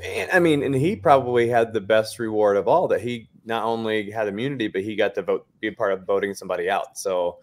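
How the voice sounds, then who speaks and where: A man's voice: on the low side, fast talker, few pauses, darkish tone. A man co-hosting a recap podcast, thoughtfully hedging his opinions in casual chat. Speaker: podcast co-host.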